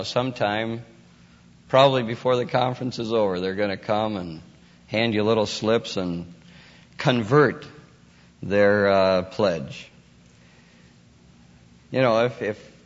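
A man giving a folksy, informal sermon as a conference speaker. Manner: folksy, rises to excited high voice in anecdotes. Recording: dull lo-fi audio in a hall.

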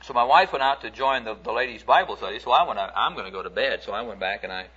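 Folksy male preacher, bright lo-fi sound. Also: medium pitch, fast talker, breathy edge. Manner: folksy, conversational, animated when acting out stories. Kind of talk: sermon storytelling. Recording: dull lo-fi recording.

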